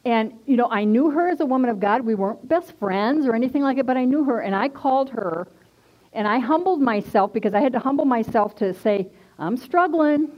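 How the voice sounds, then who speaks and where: A woman's voice: on the high side, lively intonation, fairly quick. A woman minister giving a personal testimony in a sermon, earnest and conversational, stressing points by repeating them. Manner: earnest and conversational, emphatic repetition. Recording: dull lo-fi recording.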